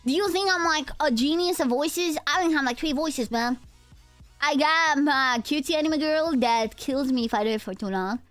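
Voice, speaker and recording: A woman's voice: sits high, normal speed, a bit bright, dry recording, faint music behind. A young woman VTuber streamer chatting casually and playfully with her chat on a close mic. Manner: playful, joking, talks to chat.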